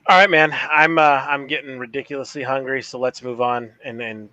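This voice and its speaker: A man's voice: medium pitch, a little fast, sharp tone, no echo, highs cut off. A man co-hosting a podcast in casual chat, laid-back and moving the talk along. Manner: laid-back, wraps up segments. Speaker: podcast co-host.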